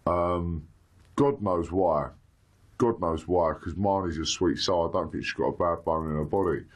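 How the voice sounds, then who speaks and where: A man's voice: deep voice, moderate pace. A man talking casually and chattily to camera and to housemates. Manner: chatty, scheming, later coaching a breathing trick. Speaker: reality-show contestant. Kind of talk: confessional and casual chat.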